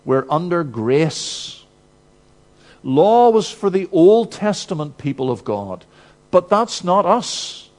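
A scornful, scolding churchgoer , as a male preacher acts him out, a bit higher than the man's own voice. He fires off dismissive questions at a slow pace. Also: very animated, a little mellow, exaggerated voice. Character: scornful man dismissing old rules. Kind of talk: sermon with acted quotes.

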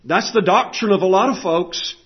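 A man preaching a sermon as pastor, emphatic, repeating key phrases and swinging from loud declarations to hushed lines. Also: high voice, normal speed, highs cut off.

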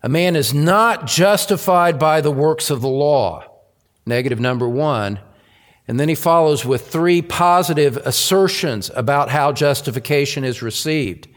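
A pastor preaching a sermon, speaking slowly and deliberately, repeating key phrases for emphasis. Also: male voice, fairly high pitch, expressive, in a large hall.

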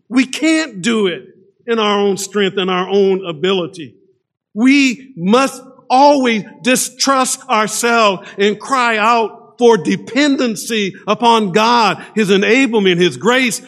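A male pastor preaching a sermon, emphatic, dropping low and quiet then rising to strong stress. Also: expressive, slow. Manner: emphatic, swings between loud stress and low hushed lines.

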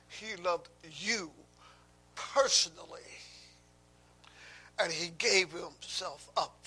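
A man preaching a sermon, calling for responses and swinging between hushed whispers and loud emphasis. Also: fairly high pitch, slight background noise. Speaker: pastor.

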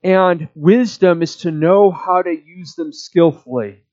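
A male pastor delivers a sermon in a slow, deliberate teaching voice set a little high. The recording sounds somewhat dull and muffled. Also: a little mellow.

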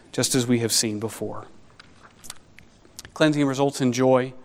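A man preaching an expository sermon as pastor, animated and conversational with wry asides. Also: medium pitch, big-room sound.

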